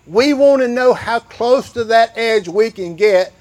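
Slow-talking older preacher man. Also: very high-pitched, darkish tone. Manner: folksy, conversational preaching with acted-out quotes; slow and drawn out. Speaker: pastor. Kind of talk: sermon.

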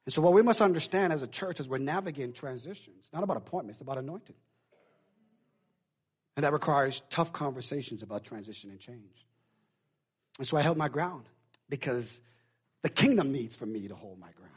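Husky-voiced preaching pastor. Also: male voice, medium pitch, expressive, fairly quick, pauses often. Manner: emotional, swings from hushed confiding to loud preaching. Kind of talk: sermon. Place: church.

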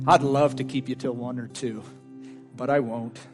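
Over music, a man preaches in church in a mid-range voice with a steady tone and moderate pace. His sermon is fervent and emphatic, and he repeats lines again and again for force.

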